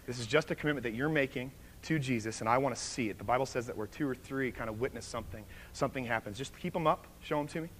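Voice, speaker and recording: A man preaching a sermon, telling a story with animated energy and then leading a soft, hushed prayer. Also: mid-range voice, fast talker, slight background noise. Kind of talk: sermon with story and altar call.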